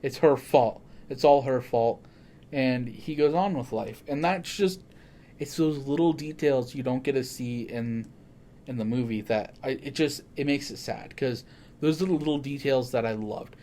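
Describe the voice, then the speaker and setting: An excitable man hosting a casual podcast. He swears freely and keeps stopping to correct himself. His voice sits at an ordinary mid pitch. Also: normal speed, slight background noise. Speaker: podcast host.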